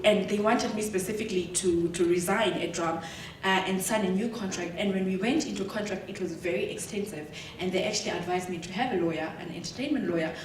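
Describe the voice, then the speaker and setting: A woman from South Africa giving a motivational talk, telling her story in a lively way with frequent laughter. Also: mid-range voice, a little hiss or hum. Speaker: guest speaker. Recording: echoey hall, distant mic.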